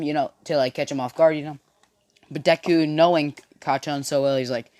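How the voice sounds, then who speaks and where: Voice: mid-range voice, moderate pace. A young storyteller casually retelling a fan-made anime story from a bedroom, rambling and restarting, with constant "you know" fillers. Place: own bedroom with friends nearby.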